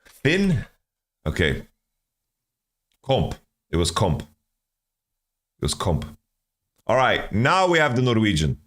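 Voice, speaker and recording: Guessing team rosters from player nationalities, a streamer thinks aloud in casual commentary and repeats words often. His mid-range, fairly bright voice swings hugely in pitch, moving slowly with long pauses.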